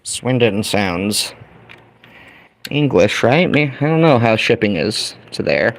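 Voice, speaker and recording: Here a middle-aged American man builds a small kit on his livestream, talking to viewers in a relaxed, folksy manner and addressing them directly. His voice is lowish with big pitch swings, and he speaks slowly.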